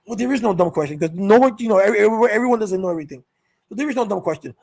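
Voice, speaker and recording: A man's voice: high voice, expressive, rapid-fire, creaky, darkish tone. A man ranting casually in a vlog, sarcastic, mocking other people's views with raised voices. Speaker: vlogger. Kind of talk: casual opinion rant. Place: North Carolina.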